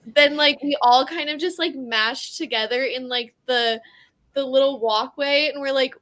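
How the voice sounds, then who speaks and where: A woman's voice: sits high, normal speed, a bit bright. A woman as a podcast guest in casual chat, rambling and saying "like" often.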